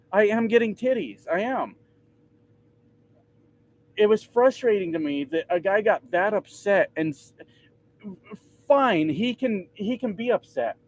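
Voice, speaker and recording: A man in his thirties ranting casually and profanely to his vlog audience from inside his truck, mocking himself along the way. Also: sits high. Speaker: trucker vlogger.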